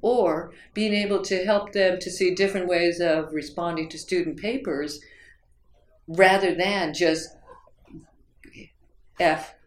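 A woman's voice: on the low side, fairly even intonation, slow, long pauses. A woman from the United States, interviewed about her teaching, rambling along with fillers and restarts. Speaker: interviewee, writing instructor. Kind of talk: reflective interview storytelling. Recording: roomy echo.

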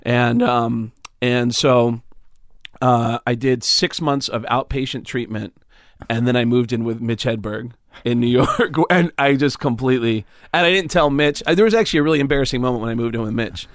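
A man's voice: medium pitch, normal speed, dry recording, clean studio sound. A man, a comedian guest, telling stories in a casual interview, acting out the voices of the people in them and swearing freely. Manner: animated, acts out quoted voices, swears freely.

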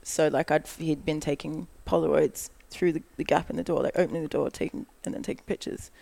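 A woman's voice: deep voice, a little fast, vocal fry. A woman, a guest who works as a model, telling a long story in casual chat, acting out what people said and saying "like" a lot. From Australia. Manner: animated storytelling, acts out quoted lines, frequent "like".

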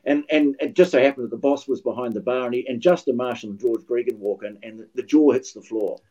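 In casual podcast chat, an older man with a New Zealand accent tells anecdotes as a guest commentator, repeatedly beginning his sentences again. He talks fast in a mid-range voice with a dark tone, and the highs are cut off.

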